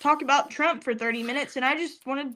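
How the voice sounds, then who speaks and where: A woman chats as a podcast co-host. Her voice sits high. She complains about her week with theatrical, self-deprecating gloom. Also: quick pace, sharp tone. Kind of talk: casual chat.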